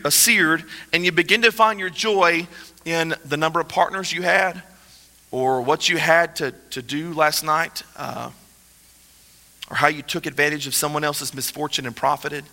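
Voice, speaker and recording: A man preaching a sermon as a pastor, talking with passion and moving from quiet, low asides to emphatic, rising lines. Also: big-room sound. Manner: impassioned, shifts between soft and emphatic.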